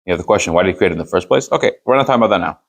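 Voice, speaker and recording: A man's voice: low voice, lively intonation, racing. Man teaching a rabbinic text. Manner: reads Hebrew text, then explains it in English with emphatic rhetorical questions. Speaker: rabbi teaching a Chassidus class. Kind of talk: Torah study class, reading and translating a text.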